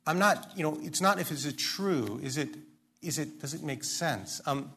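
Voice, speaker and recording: A man's voice: on the high side, animated, normal speed, bright, forceful tone, husky. A man preaching a sermon, earnest and emphatic, often posing questions and restarting his sentences. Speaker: pastor.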